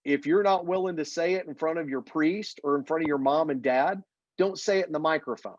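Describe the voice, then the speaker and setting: A man's voice: fairly high pitch, brisk, dry recording, muffled recording. A man who works as a play-by-play announcer, chatting in an interview and acting out the people in his stories. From Missouri. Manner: animated storyteller, acts out quotes. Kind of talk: casual interview chat.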